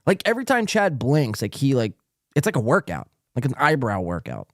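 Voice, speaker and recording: Male podcast host, sarcastic and mocking, lively pitch, dry close sound. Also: brisk, no echo. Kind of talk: mocking commentary over played clips.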